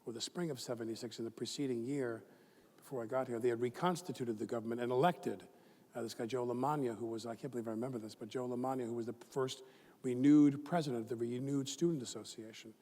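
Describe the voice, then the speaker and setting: A man in his fifties, a guest author telling rambling, animated stories with many fillers and restarts in a live onstage conversation. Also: mid-range voice, fast talker. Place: large event hall with a live audience. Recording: long reverb of a large hall, faint noise.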